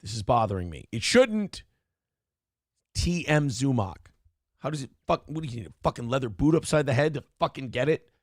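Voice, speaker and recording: A man hosts a late-night stream in a mid-range voice that swings widely in pitch, talking fast with hardly any pauses. Tired and a bit tipsy, he curses freely and rants when something bugs him, all captured in clean studio sound with no room echo.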